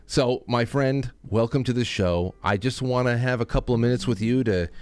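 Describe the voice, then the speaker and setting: Smooth-voiced rambling male talk host. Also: mid-range voice, moderate pace, darkish tone, dry recording. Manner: rambling, restarts often, jokey. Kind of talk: casual chat.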